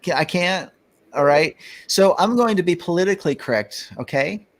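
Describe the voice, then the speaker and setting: A man's voice: high voice, lively intonation, moderate pace. An older man hosting a casual talk show, rambling in a jokey way and reading out one-liners. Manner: jokey, rambling, telling jokes. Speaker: show host.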